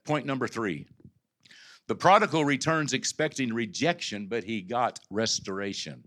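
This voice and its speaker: A pastor preaching a sermon, with a bright, forceful tone. He talks low and conversational, then climbs into loud, impassioned preaching, stumbling and restarting along the way. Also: normal speed. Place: church sanctuary.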